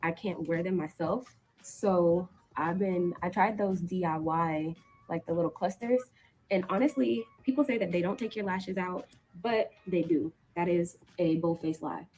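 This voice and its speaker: Lower-voiced woman vlogging at home, rambly, lots of um and like, faint room hum. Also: moderate pace, darkish tone, rough recording. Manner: chatty, rambling, many ums and likes. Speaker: vlogger, teacher. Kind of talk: casual vlog to camera. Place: apartment, indoors.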